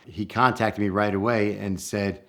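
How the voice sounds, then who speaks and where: Middle-aged New Yorker, casual storyteller, slightly low voice, lively when quoting others. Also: male voice, normal speed. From New York. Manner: animated, acts out quoted voices with rising pitch. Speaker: storyteller guest.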